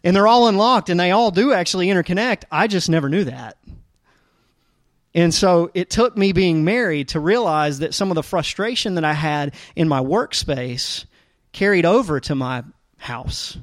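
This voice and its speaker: A man preaching a sermon as a pastor, talking casually with lots of fillers and restarts, and getting animated when he tells stories. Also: sits high, moderate pace, no room sound, studio quality. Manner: conversational, rambling with fillers and restarts; animated storytelling with rising energy.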